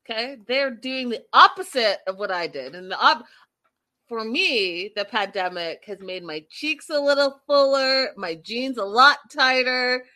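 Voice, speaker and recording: A young woman chats about a reality show in an unhurried way, her voice a little high. The recap is gossipy and animated, full of laughter and direct address to her viewers.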